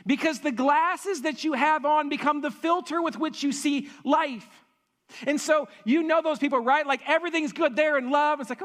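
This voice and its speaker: A man pastor preaching a sermon in a church, animated and repetitive for emphasis, with joking asides. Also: extremely high pitch. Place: church stage.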